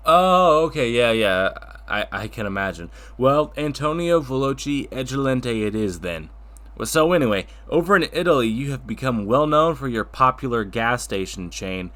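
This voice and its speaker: A man's voice: medium pitch, very animated, moderate pace, fairly bright tone. Bumbling, stammering talk show host man. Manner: bumbling, stammering, keeps mispronouncing names. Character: friendly tractor hosting a talk show. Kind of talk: comedic talk show sketch.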